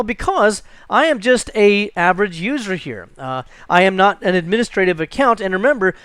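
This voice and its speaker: A man teaching a screen-recorded software tutorial, chatty and jokey, thinking aloud as he clicks through. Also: high voice, dry recording. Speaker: computer instructor.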